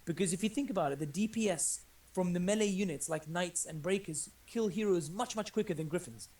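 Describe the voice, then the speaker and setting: A British man with a high voice co-casts a strategy game. He breaks in with eager exclamations, and his voice sounds a little distant from the mic. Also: darkish tone. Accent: British English. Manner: enthusiastic, quick exclamations. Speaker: co-caster. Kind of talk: casual game commentary.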